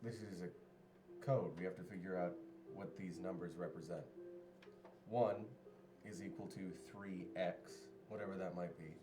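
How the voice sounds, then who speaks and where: A man doing an earnest adventurer with a lowered, unhurried voice, as if thinking each word through. It is heard from a distance in a roomy space, with music playing underneath. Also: steady tone. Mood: pondering. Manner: slow, deliberate, lowered delivery. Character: adult male adventurer, earnest puzzle-solver.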